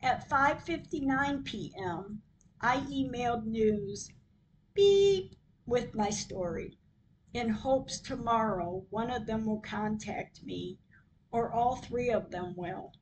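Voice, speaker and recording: A woman hosting her own podcast, reading her diary entries aloud in a slow, measured way. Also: on the high side, slight background noise, poor audio. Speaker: podcast host.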